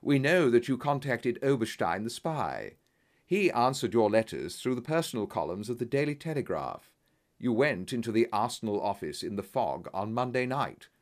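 A man voicing a calm male detective who speaks in a measured, firm way. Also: mid-range voice. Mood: accusing.

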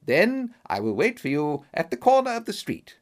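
A man voicing an eager, loyal male companion in an audiobook reading, speaking a little higher and keener. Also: wildly swooping pitch, moderate pace. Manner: keen, willing, slightly raised voice.

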